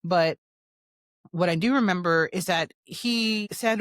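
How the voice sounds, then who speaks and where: A woman hosting her own show, telling a personal story in a fast, animated, blunt way. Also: fairly low pitch, no echo. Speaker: show host.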